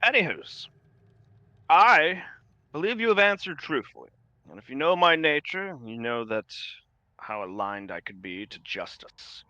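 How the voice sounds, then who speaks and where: A man's voice: on the high side, big pitch swings, unhurried, sharp tone, no echo, voice pushed up, full character voice. A man playing a formal, lofty lord. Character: formal male lord of a lair, stern judge.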